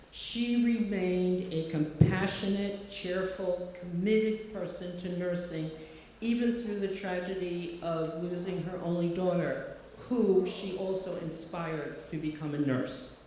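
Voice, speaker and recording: An earnest man with a fairly high voice introduces a guest at a ceremony. His words ring out in a very echoey hall, with a faint hum of noise underneath. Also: a little mellow. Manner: earnest, measured delivery with slow emphatic lists. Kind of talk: formal ceremony speech. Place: large hall.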